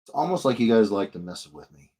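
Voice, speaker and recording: A man in his thirties illustrates live, bantering with his viewers in a rambling, joking way, reading their comments aloud and repeatedly starting over mid-thought. His voice is lowish and dark with a sing-song lilt, and he talks quickly.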